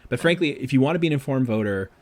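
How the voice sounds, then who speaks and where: A man, a professor being interviewed, explaining politics in quick animated answers full of asides. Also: medium pitch. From Boston area. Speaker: guest, professor.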